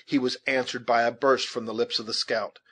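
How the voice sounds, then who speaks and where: A male audiobook narrator with a husky, slightly breathy voice, pitched squarely in the middle. He reads a classic novel with measured, dramatic pacing. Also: little pitch movement, a bit bright. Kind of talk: audiobook reading.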